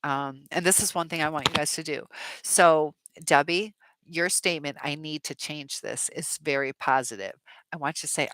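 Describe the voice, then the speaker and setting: A woman's voice: low-pitched, normal speed, fairly bright tone, no echo. A middle-aged woman hosting a casual live chat, reading out viewer comments in a rambling, supportive way with many fillers.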